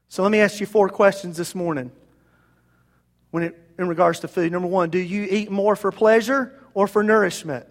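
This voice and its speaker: A man with a voice that sits high and fairly even intonation preaches a sermon as pastor at a moderate pace. He speaks to the congregation in a conversational yet emphatic way, appealing to them directly.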